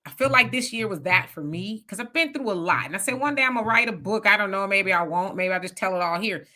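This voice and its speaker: A woman in her fifties talking casually on a panel, blunt and animated, often acting out quoted voices. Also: medium pitch, quick pace. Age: 50s. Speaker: panel guest. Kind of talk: casual chat.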